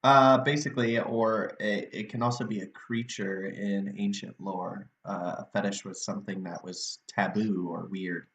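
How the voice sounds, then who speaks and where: A man's voice: lowish voice, fairly even intonation, moderate pace, hardly any pauses, fairly bright tone, roomy sound, low-quality recording. A man casually explaining tabletop game rules as a dungeon master, laughing often. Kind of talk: casual chat.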